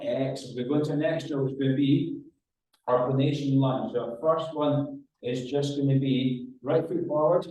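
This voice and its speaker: A man leads an exercise class in a mellow, unhurried voice, calmly cueing each movement and counting down the reps. He is recorded from a distance in a strongly echoing room. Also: medium pitch. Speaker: running rehab coach. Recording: very echoey room, mic far off.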